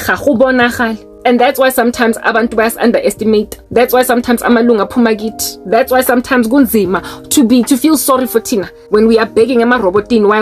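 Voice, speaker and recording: A South African woman with a South African accent, delivering an impassioned, scolding commentary monologue and mixing English with local languages. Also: on the high side. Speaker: online preacher and commentator.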